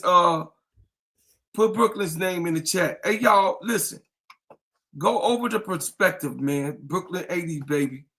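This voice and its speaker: A man co-hosting a casual sports livestream, hyping and repeating shout-outs to the audience. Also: high voice. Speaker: podcast co-host.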